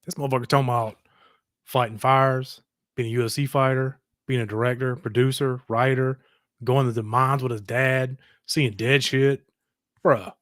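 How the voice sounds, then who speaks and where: Excitable cussing guy on a podcast, dry close sound. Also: medium pitch, normal speed, no echo. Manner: profane, excitable. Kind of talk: casual chat.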